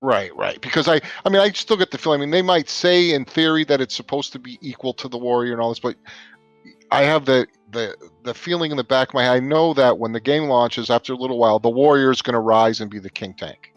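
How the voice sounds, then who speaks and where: A man joining a stream as a guest over a remote call, chatting in an excited, animated way. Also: medium pitch, fast talker, dry recording, faint music behind. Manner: excited, animated, talks in bursts. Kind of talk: casual chat. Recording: dull, dry call audio.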